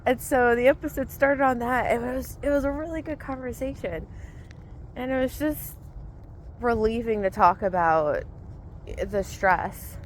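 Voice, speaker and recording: A woman's voice: on the high side, measured pace, a little hiss or hum, rough recording. Woman chatting casually on an outdoor walk. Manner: relaxed, rambling, thinking aloud. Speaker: vlogger and mindset coach. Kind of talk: casual spoken gratitude journal.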